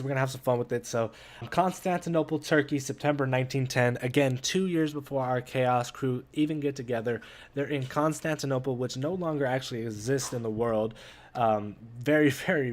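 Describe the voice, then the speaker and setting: A man hosting a gaming channel, reading a comic with viewers in an excitable, chatty way and talking straight to them. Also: mid-range voice. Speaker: gaming YouTuber. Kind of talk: casual read-along commentary.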